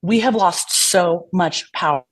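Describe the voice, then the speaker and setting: A woman's voice: lowish voice, unhurried. A woman physician being interviewed on a podcast, chatting candidly and acting out the exchanges she retells. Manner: chatty, acts out quoted exchanges; frequent fillers and restarts, candid. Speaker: physician guest. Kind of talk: casual podcast storytelling.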